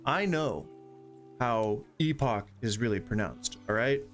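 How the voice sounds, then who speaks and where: A man's voice: medium pitch, expressive, measured pace, soft background music. A man with a light Southern US twang, chatting casually on a live stream, rambling off on wry tangents into a desk microphone. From Southern United States. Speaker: gaming streamer.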